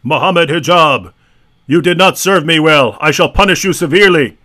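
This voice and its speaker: Man doing a big stern god voice, loud and formal, bossing someone around. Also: fairly high pitch, normal speed. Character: stern commanding male god, booming and solemn.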